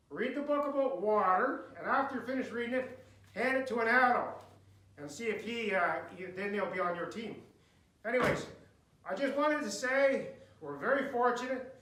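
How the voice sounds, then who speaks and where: A man's voice: high voice, pushed and bright. A man, talking casually and joking on the stage of a barn theater. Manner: jokey, folksy, rambling. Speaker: theater venue owner. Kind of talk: casual rambling address. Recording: echoey room in a barn theater.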